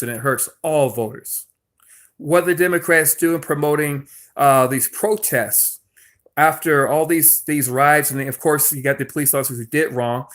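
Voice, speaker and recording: A man's voice: medium pitch, fairly bright tone. A man delivering a political commentary monologue in an emphatic, repetitive, preachy way, often restarting his sentences. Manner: frequent restarts and stumbles.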